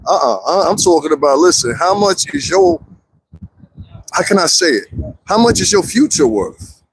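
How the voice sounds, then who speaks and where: A man's voice: sits high, normal speed, vocal fry, a little hiss or hum. A man commenting casually on a live stream, talking straight to his viewers and laughing often. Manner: animated, talks straight to viewers, frequent laughs.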